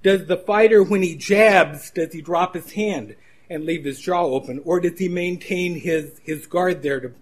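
A man's voice: high-pitched, a little slow. A man preaching a sermon in a conversational storytelling manner, with frequent restarts.

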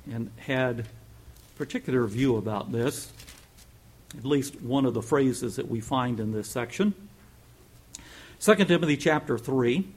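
A man preaching a sermon in an earnest manner, rising to emphatic peaks and dropping to soft asides. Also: medium pitch. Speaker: pastor.

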